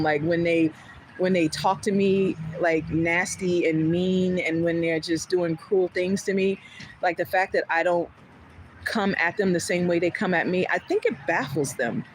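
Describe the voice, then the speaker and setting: A woman's voice: on the low side, slight background noise, rough recording. A woman chatting casually on her livestream, candid and outspoken, swearing freely and acting out other people's lines as she tells stories. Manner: animated storyteller, acts out others' lines. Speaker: vlogger. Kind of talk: casual chat to a livestream audience.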